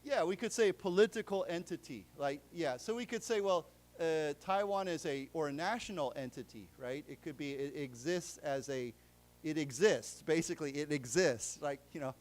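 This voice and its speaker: An American man giving a live English lesson in a library lecture room, explaining words slowly with many fillers and restarts. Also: a little high. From United States. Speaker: English teacher.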